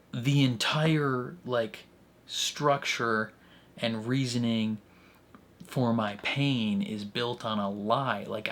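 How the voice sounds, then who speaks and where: A man's voice: fairly low pitch, fairly bright tone. A man casually reacting to a TV episode, chatty and rambling, with lots of filler words. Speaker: reaction channel host.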